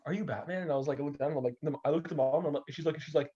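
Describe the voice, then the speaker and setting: Young male podcaster, animated storyteller, slightly high, dull lo-fi audio. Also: rapid-fire, husky. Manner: animated, acts out quoted voices. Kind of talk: casual storytelling chat.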